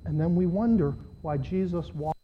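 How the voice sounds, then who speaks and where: A man preaching a sermon to his church, swinging between loud, pleading passages and quiet asides. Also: a little high, moderate pace, slight background noise. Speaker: pastor. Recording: dull lo-fi sermon recording.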